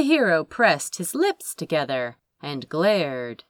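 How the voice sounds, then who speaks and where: Slow, expressive woman narrating. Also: on the low side, no echo, clean studio sound.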